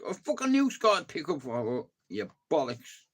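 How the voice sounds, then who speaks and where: A man's voice: fairly high pitch, wildly swooping pitch, normal speed, breathy edge. Swearing Dublin man on a livestream. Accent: Dublin Irish. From Dublin, Ireland. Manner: swearing, rambling, slangy. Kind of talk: casual livestream chat to viewers.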